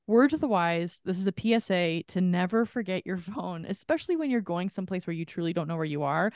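Brief: animated woman co-host, casual storytelling, salty language, dry close mic. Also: fairly low pitch, fairly quick, no room sound. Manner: animated, swears freely, acts out quoted people. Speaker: podcast co-host.

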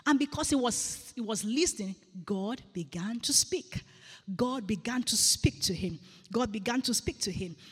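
Woman preacher, husky voice, long hall reverb, earnest and repetitive. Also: fairly high pitch, lively intonation, normal speed. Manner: earnest, repeats phrases for emphasis. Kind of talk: sermon. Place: church.

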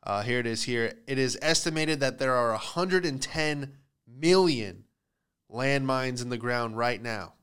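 A man in his thirties with a smooth, resonant voice and middle pitch holds a casual comedic monologue. He slips into voices for the people in his stories, then drops back to his own easy talk. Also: a little slow. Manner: animated storytelling with put-on voices for quoted people. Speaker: comedian podcast host.

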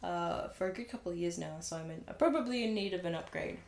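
A woman's voice: on the low side, fast talker, gravelly, a little mellow, slight background noise. A young woman filmmaker in casual chat, talking freely, laughing easily and trailing off mid-thought. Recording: roomy echo.

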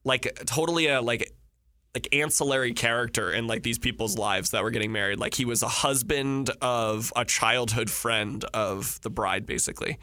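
Bright-voiced man telling a rambling story. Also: mid-range voice, steady tone, moderate pace, no echo. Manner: rambling, swears freely, laughs through stories. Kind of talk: casual storytelling chat.

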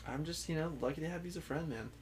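A man's voice: on the high side, racing, a little mellow, slightly rough. A man as a podcast guest in casual late-night chat, laid-back and joking, laughing often, a few drinks in.

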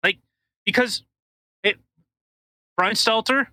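A man's voice: sits high, slow pace, pushed and bright, no echo. A man co-hosting a comedy podcast who chats casually, jokes and reads news articles aloud in a rambling way. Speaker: podcast co-host.

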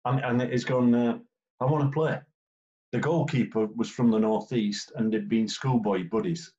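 With a mid-range, dark voice, fairly even intonation and a moderate pace, the older English ex-referee chats through interview anecdotes and acts out what players told him. The recording is dull and lo-fi.

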